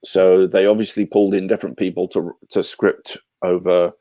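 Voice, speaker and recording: A man co-hosting a casual podcast chat, talking in a halting way with many restarts. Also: deep voice, level tone, mellow. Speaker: podcast co-host.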